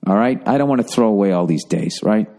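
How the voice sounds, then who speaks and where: A man's voice: on the low side, fast. A man hosting a podcast, telling a story in a casual, profane way and acting out the voices of the people in it. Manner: profane, animated retelling with quoted voices. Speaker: podcast host. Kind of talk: casual comedic storytelling monologue.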